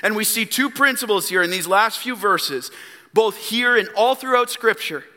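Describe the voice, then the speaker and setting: A man preaching a sermon as a pastor, emphatic and full of rhetorical questions and dramatic pauses. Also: high voice, animated, pushed and bright, big-room sound. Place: church sanctuary.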